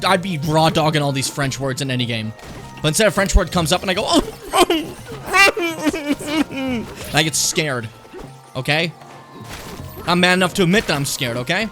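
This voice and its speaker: A young man casually commenting on his gameplay, rambling and swearing, with sudden high excited yelps. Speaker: streamer. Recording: game music playing behind the voice.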